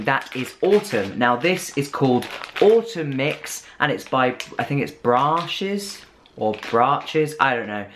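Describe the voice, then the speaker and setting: A man's voice: medium pitch, fairly bright tone, slight background noise. A British man from the UK, a vlogger chatting enthusiastically through a casual food haul taste test. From United Kingdom.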